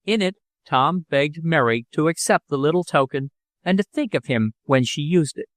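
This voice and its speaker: A man narrating an audiobook with expressive storytelling. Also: fairly high pitch, moderate pace, no echo. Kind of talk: scripted narration.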